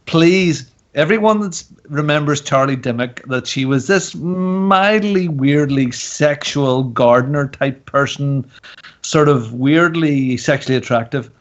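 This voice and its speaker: A man's voice: on the high side, measured pace. Joking podcast host man, dull audio. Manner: joking, teasing, rambling. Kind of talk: casual chat.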